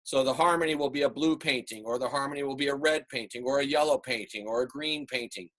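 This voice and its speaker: A man teaching an online art class over a video call, relaxed and rambling with many fillers. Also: mid-range voice, quick pace. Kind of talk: online class lecture and critique.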